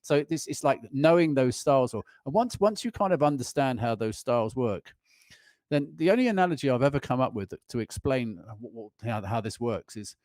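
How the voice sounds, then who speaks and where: Quick-talking man chatting about music. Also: mid-range voice, dry recording, clean studio sound. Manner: animated, chuckling, full of restarts. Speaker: performing pianist and guest. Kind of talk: conversational interview on stage. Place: school concert hall.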